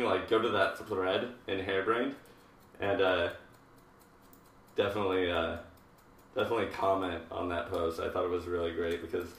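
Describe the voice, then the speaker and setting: Jokey bright-voiced man, roomy distant sound. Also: deep voice. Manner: rambling and jokey, with many fillers and asides. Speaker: hairdresser hosting a live haircutting show. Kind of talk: casual live-stream chat while demonstrating a haircut. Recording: roomy, distant live-stream audio.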